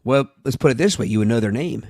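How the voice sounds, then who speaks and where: A man's voice: mid-range voice, lively intonation, quick pace, a little mellow, dry recording, studio quality. A man co-hosting a podcast, chatting casually and reasoning things out. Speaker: podcast co-host. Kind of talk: casual chat.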